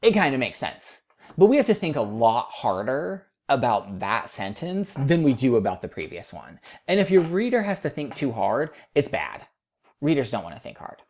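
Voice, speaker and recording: Woman instructor with a low, mellow voice for a laid-back recorded writing lesson. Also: big pitch swings, moderate pace. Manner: casual, explanatory, self-correcting. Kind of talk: recorded lecture over slides.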